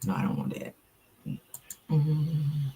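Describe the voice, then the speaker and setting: A woman's voice: deep voice, lively intonation, slow pace, dark tone, a little hiss or hum. A woman hosting a casual celebrity gossip livestream, talking sassily to her chat and peppering her talk with "honey" and "child".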